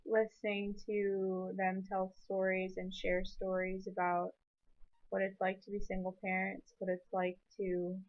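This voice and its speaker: A woman's voice: medium pitch, monotone, unhurried, dull audio. A young woman in a personal vlog, telling an emotional story in an earnest, rambling way. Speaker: vlogger.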